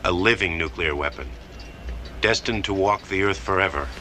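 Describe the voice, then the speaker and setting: A man's voice: deep voice, moderate pace, pushed and bright, a little hiss or hum. An actor playing a grave man who solemnly warns that a monster cannot be destroyed, in a dubbed film clip. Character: grave man warning about an unstoppable monster. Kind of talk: dramatic film dialogue.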